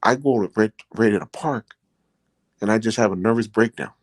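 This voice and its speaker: A man's voice: lowish voice, brisk, no echo. A middle-aged man telling his own stories in a casual, rambling way, leaning on "you know" and getting earnest and emotional. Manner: rambling, leans heavily on "you know" fillers; earnest and emotional when recounting his experiences. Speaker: podcast host, former prisoner. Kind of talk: casual storytelling.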